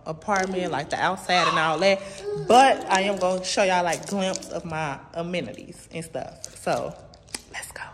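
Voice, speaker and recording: A woman with a lowish voice talks over a noisy background. A tired, emotional vlogger, she chattily tours her new apartment and the building's indoor common areas, continually addressing her audience as "y'all."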